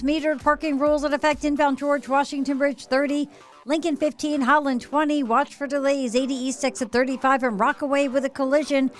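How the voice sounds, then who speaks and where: A woman giving a brisk radio traffic report, reading the items in a crisp, rapid-fire way. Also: sits high.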